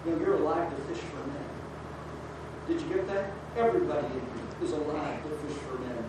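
A preacher giving a sermon, swinging from hushed, low pleading to loud, rising exhortation, full of emphatic rhetorical questions to the congregation. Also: brisk. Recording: very echoey hall, distant mic, background noise.

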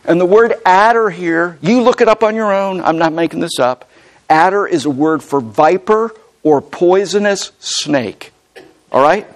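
A middle-aged man preaching a sermon as pastor, emphatic and animated, often acting out the people he quotes. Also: high-pitched, normal speed.

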